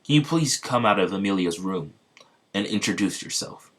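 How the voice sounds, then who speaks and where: A man's voice: fairly low pitch, animated, normal speed, a bit bright. Man playing a courteous mansion lord. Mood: formal. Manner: formal and courteous. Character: polite male mansion lord.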